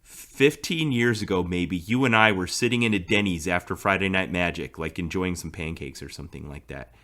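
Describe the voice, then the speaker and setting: Man, podcast co-host, storytelling, bright tone, lowish voice. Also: normal speed. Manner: storytelling, laughs often. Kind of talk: casual chat.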